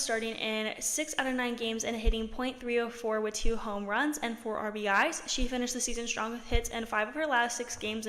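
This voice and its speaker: A woman hosting a sports podcast, reading long runs of player statistics and correcting her slips with quick apologies. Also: a little high, a bit bright, big-room sound. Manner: reads long lists of stats, corrects herself with quick apologies. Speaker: podcast host.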